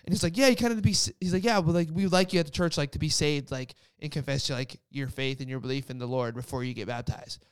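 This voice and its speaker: A man's voice: mid-range voice, fairly even intonation, quick pace, few pauses, clear, resonant tone, no room sound, studio quality. A young man casually telling a personal faith story, rambling with lots of "like" fillers. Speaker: guest sharing a faith story. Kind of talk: casual testimony chat.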